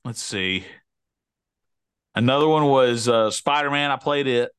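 A man's voice: medium pitch, unhurried, a bit bright, clean tone, dry recording, studio quality. A man co-hosting a podcast, chatting casually in a rambling, joking way with many restarts. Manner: rambling, self-interrupting, jokey. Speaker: podcast co-host. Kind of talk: casual chat.

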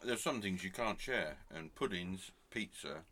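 Man, very deep voice, lively swings, bright tone, teasing. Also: a little slow. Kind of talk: casual chat.

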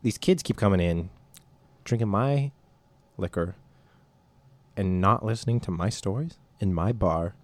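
A man's voice: lowish voice, unhurried, pauses often, no echo. A man chatting casually and telling a joking story, laughing often. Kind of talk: casual comedic chat.

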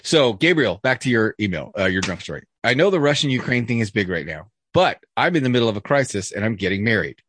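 A man's voice: fairly low pitch, big pitch swings, fast, few pauses, a bit bright, breathy edge, no room sound. A man hosting a podcast in casual chat, rambling and reading listener emails aloud. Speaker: podcast host.

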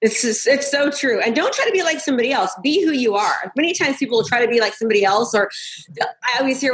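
A woman's voice: on the high side, lively intonation, fast. A woman in her forties hosting an interview, upbeat and hyper, jumping between topics. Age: 40s. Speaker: host, real estate coach. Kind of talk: casual interview chat.

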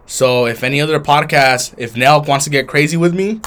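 A man's voice: a little high, brisk, a bit bright. A young man co-hosting a casual podcast, talking loosely with lots of swearing and bragging. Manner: loose, profane and boastful. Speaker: podcast co-host. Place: Southern California.

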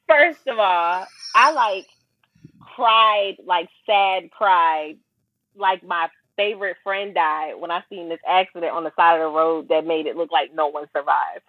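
A woman's voice: lowish voice, moderate pace, no echo. A woman guest on a podcast, talking in a casual, confident, slangy way and laughing often. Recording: dry, tinny phone-like line.

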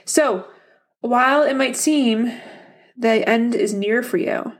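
A woman's voice: on the high side, takes it slowly. A woman hosting a casual solo podcast, talking bluntly and motivationally to her listeners, swearing often and laughing easily. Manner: motivational, addresses listeners directly. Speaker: podcast host.

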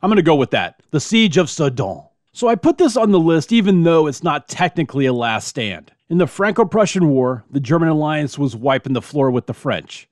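A man's voice: on the high side, no echo, studio quality. A man hosting a history podcast, reading through a list in a chatty, self-deprecating way. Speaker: podcast host. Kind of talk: informal history podcast narration.

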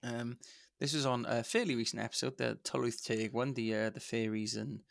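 Welsh co-host, young man, gravelly fry in his voice, wry and relaxed, close dry mic. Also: medium pitch, fairly quick, no room sound. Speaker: podcast co-host. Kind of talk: casual podcast chat.

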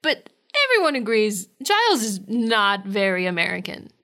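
A woman co-hosting a casual podcast, recapping an episode in a chatty, wry way. She moves easily between her summary and quick comic asides. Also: medium pitch, very animated, pushed and bright. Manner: chatty, wry, acts out characters' lines. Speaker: podcast co-host.

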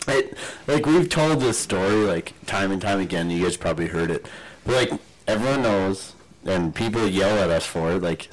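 A young man telling a story in casual group chat, animated and laughing, peppering his talk with "like" and swearing. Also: lowish voice, a little hiss or hum, poor audio. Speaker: podcast co-host. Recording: lively chatter of friends around the mic.

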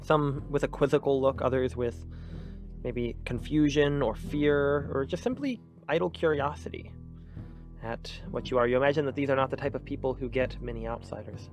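A man's voice: medium pitch, normal speed. Man, game master, tabletop narration, casual fillers, faint music behind. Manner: loose, filler-heavy narration.

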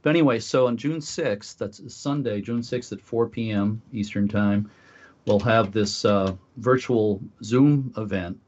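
A man with a low voice talks in a halting, casual way, stopping often on filler sounds. The sound is dull and lo-fi, as on a muffled radio line. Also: a little mellow. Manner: halting, many filler uhs. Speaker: lighthouse group volunteer leader. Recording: dull lo-fi recording.

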